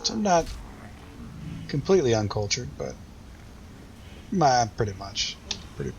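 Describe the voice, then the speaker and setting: A man's voice: mid-range voice, wildly swooping pitch, measured pace, slight background noise. An American man thinking aloud and rambling through casual let's-play commentary, with self-deprecating asides. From United States. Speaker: gaming YouTuber.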